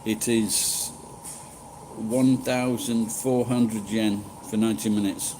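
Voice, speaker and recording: A man's voice: on the low side, steady tone, slow pace, warm tone, slight background noise, low-quality recording. A middle-aged man chatting casually with live-stream viewers, rambling and swearing freely. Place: living in Japan.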